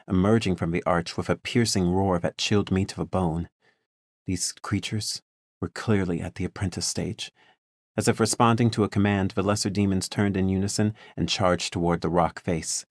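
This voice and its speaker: Male narrator, very low register, measured first-person storytelling, dry sound. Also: fairly even intonation, no room sound. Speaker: audiobook narrator.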